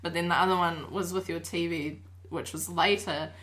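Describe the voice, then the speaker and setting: Woman, casual chat, laughing, animated retelling. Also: lowish voice, normal speed. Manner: laughs often, animated quoting with cries. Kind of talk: casual storytelling among friends.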